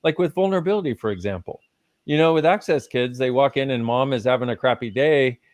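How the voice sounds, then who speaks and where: A man's voice: medium pitch, fast, a little mellow, dry recording. Emphatic male guest speaker, casual cusser, close and dry sound. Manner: emphatic, swears casually, lists ideas. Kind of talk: live conversational teaching.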